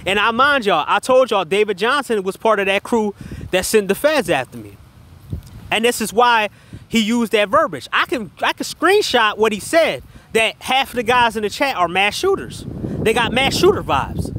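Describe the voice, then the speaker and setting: Brief: a high-voiced man with a sharp, bright tone rants heatedly on a livestream, profane and repetitive, and calls out his chat directly. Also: big pitch swings, moderate pace, slight background noise. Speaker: livestream commentator.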